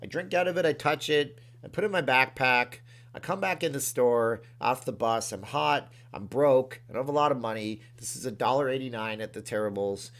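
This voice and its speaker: A man hosting a casual livestream from his room, chatty and reading out viewer comments and thanking them with excitement. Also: mid-range voice, fairly quick. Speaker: livestream host.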